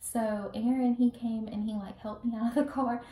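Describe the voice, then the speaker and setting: A young woman casually telling a personal story to the camera, chatty and animated, acting out what people said. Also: on the high side, moderate pace. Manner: chatty, animated, acts out quotes with laughs. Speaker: vlogger telling her birth story. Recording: roomy echo, recorded from a distance.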